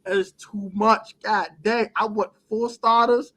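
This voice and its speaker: A man co-hosting a casual sports talk show, animated and laughing often as he acts out other people's words. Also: high-pitched, unhurried. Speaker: podcast co-host.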